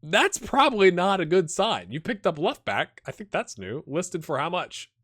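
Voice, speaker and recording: A man's voice: moderate pace, husky. A man hosting a gaming channel, thinking aloud in casual commentary and talking straight to his virtual players. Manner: animated, jumps high when excited.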